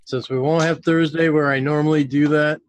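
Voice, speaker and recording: A man's voice: fairly high pitch, flat delivery, brisk, slight background noise, rough recording. A man hosting a casual panel chat with a slightly raised voice. He talks bluntly, swears freely and rambles loosely about plans for his live streams.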